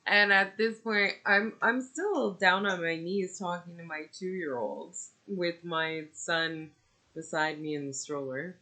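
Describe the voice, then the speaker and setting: A woman's voice: on the low side, pushed and bright. A young adult woman, a mother, venting casually in a personal vlog, frustrated and rambling with fillers. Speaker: vlogger and mother.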